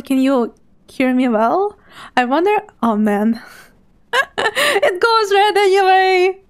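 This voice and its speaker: A high-voiced woman chats casually with her live-stream viewers, bubbly and quick to giggle. She sounds nervously excited as she talks into her streaming microphone.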